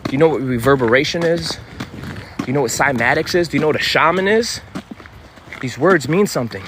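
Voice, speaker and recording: A man's voice: a little high, lively intonation, fairly quick. A man giving an intense, profane, confrontational motivational monologue outdoors by a street. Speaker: spiritual vlogger. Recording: street noise behind.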